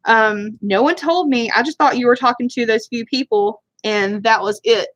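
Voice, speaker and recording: Live-streaming from her home while applying makeup, a Southern-accented beauty vlogger tells a rambling story at her own expense in casual chat. Her voice is fairly high and fairly bright, moving at a moderate pace, and the recording is dry.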